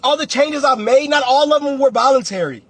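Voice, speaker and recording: A real estate coach with a very high voice speaks a little fast on a livestream, giving a blunt, preachy motivational talk and repeating phrases for emphasis. There's no room sound.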